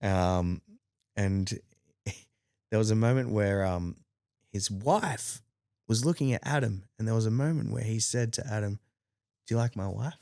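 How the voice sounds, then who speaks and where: A man with an Australian accent, a podcast guest telling a story in casual chat. He talks animatedly, jumps up in pitch to act out quotes and fills in with lots of ums. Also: measured pace, pauses often, no echo, studio quality. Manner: animated, acts out quotes with rising pitch, many fillers.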